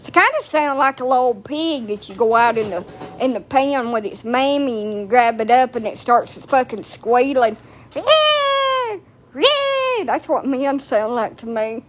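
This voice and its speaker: A woman's voice: fairly high pitch, normal speed, a little hiss or hum. A woman delivering a blunt, profane, mocking rant to camera. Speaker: vlogger. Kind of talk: ranting monologue.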